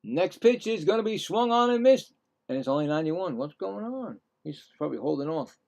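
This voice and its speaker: Gravelly man calling baseball casually. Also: a little high, brisk, darkish tone. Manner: rambling, self-correcting, chatty asides. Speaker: play-by-play streamer. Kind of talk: casual live baseball commentary.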